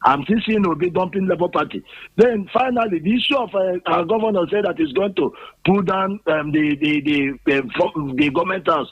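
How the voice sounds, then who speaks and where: A Nigerian man speaks earnestly over a dull phone line to a radio show, his voice high-pitched. He lectures with conviction but trips over words along the way. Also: normal speed. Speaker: radio caller. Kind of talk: phone-in call. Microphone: telephone.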